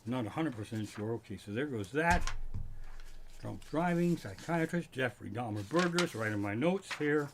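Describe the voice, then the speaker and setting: A man hosting a comedy livestream from his living room, ranting in a profane, animated stand-up style. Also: mid-range voice, moderate pace, background noise.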